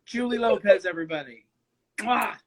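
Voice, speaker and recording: Effusive high-voiced male host. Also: lively intonation, normal speed, fairly bright tone, low-quality recording. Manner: effusive, showers guests with endearments. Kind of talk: hosting a live-stream comedy show.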